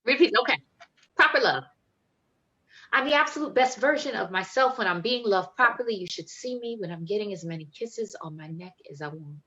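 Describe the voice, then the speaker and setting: A woman's voice: medium pitch, lively intonation, quick pace, hardly any pauses, pushed and bright, slightly rough, lo-fi sound. A woman poet reading her poems with emphatic, playful delivery and chatting between them over a video call. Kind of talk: poetry reading and chat.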